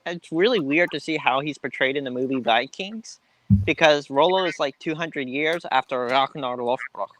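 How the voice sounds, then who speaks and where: A man's voice: on the high side, moderate pace, fairly bright tone, rough recording. A man chatting on a video call as a guest, rambling through history with many ums and self-corrections. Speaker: guest, a heathen polytheist. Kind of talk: casual group chat.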